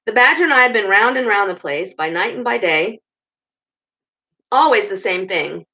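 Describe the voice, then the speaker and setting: A woman's voice: mid-range voice, expressive, normal speed, pushed and bright, highs cut off. A woman voicing a grumpy, hungry male mole in a read-aloud storybook. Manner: grumpy, talking with his mouth full.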